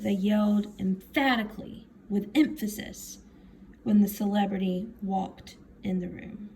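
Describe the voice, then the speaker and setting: A woman teacher giving a recorded reading lesson, talking slowly and thinking aloud as she works through words. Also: medium pitch, vocal fry, a little mellow, a little hiss or hum. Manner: slow, thinking aloud while writing.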